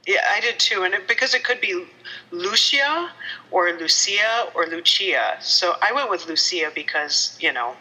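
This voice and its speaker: A woman's voice: lowish voice, animated, a little fast, hardly any pauses, bright, forceful tone, breathy edge, rough recording. A middle-aged woman co-hosting a podcast, chatting casually about books in a chatty way, often restarting and laughing. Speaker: podcast co-host. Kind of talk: casual book chat.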